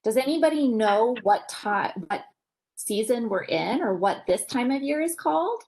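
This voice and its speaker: A woman parent educator reading a picture book to young children over a video call, animated, gasping and asking them questions. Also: fairly high pitch, moderate pace, rough recording.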